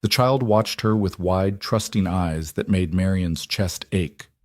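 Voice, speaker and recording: A man reading a romance story aloud as scripted narration, steady and even. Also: low-pitched, a little slow, dry recording, clean studio sound. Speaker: audiobook narrator.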